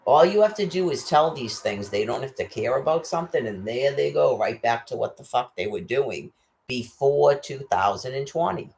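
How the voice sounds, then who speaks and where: A man's voice: mid-range voice, lively intonation, normal speed, vocal fry, darkish tone, slight background noise. A man, ranting angrily and swearing constantly, firing off rhetorical questions. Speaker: ranting commentator. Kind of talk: angry profane rant.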